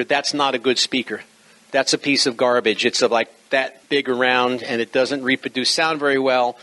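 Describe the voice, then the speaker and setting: A middle-aged man giving an informal lecture on radio operating, emphatic and full of joking asides. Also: mid-range voice. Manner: jokey, emphatic, lively asides. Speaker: presenter teaching radio operating practice.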